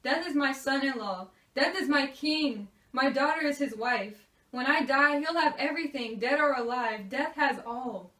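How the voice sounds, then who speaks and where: A woman's voice: high-pitched, normal speed, sharp tone. A teenage girl playing a grieving nobleman father in a school play, declaiming mournfully. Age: teens. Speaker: student actor. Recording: echoey room, from far off.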